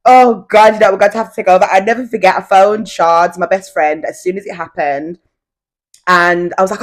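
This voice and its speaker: A woman's voice: mid-range voice, fairly quick. A young woman hosting her own podcast at home, talking casually and confidingly straight to her listeners. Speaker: podcast host. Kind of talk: casual solo podcast chat. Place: at home, indoors.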